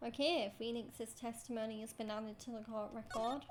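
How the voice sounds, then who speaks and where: A woman's voice: fairly high pitch, fairly even intonation, normal speed, hardly any pauses, noisy background. A woman streaming a video game, making chatty, offhand remarks. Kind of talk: casual game commentary. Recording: game music behind.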